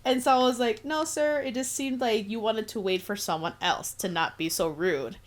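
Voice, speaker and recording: This young woman co-hosts a podcast and tells a work anecdote in relaxed conversation, full of profanity and laughter, with an animated delivery. Her pitch is medium and she talks at a normal speed.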